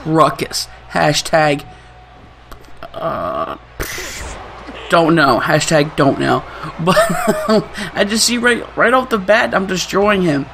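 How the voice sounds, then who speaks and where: Young guy w a gravelly kinda high voice, hyped gameplay commentary, trash talks and cracks up a lot. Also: slow pace, pauses often, noisy background. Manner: excitable, trash-talking, laughs often. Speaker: gaming channel host.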